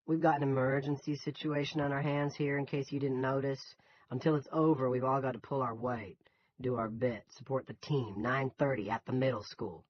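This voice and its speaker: A man's voice: mid-range voice, fairly even intonation, moderate pace, no echo, highs cut off, natural voice. A man reading a bossy blustering town boss. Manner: commanding, scoffing, folksy.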